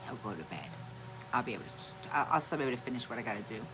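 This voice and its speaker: Chatty low-voiced woman live-streaming. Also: big pitch swings, very fast, music in the background, rough recording. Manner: chatty, reads out viewer comments and greets viewers by name; self-deprecating, laughs at her own forgetfulness. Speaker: livestream host. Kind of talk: casual live-stream chat.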